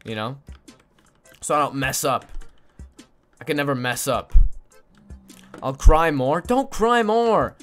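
A young man live-streaming a game, mumbling to himself and his chat, swearing often and breaking into loud excited shouts. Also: medium pitch, slow pace, pauses often, soft background music. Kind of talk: casual gaming livestream chat.

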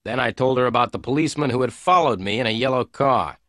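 A man reading a detective story aloud in clear, measured narration for English learners. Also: mid-range voice, fairly bright tone, no echo, clean studio sound. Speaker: audiobook narrator.

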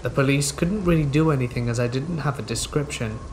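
A man reading scary stories aloud in a measured, steady scripted narration. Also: medium pitch, a little hiss or hum, low-quality recording. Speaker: horror story narrator. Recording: rain sounds under the narration. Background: rain.

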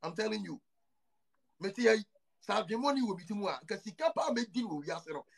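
A man's voice: high-pitched, lively intonation, brisk, vocal fry. A man with a Ghanaian accent hosting a casual podcast chat, emphatic and repeating his points as he switches between languages. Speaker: show host.

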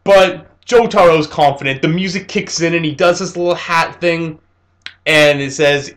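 A man's voice: a little high, normal speed. Young man chatting through an anime review. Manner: animated retelling with fillers and laughs. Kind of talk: casual episode review.

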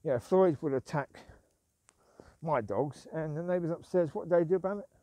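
A man whose voice is mellow and on the high side talks at normal speed with no room sound. He's a vlogger doing a rambling walk-and-talk with his dogs outdoors at night, grumbling and repeating himself.

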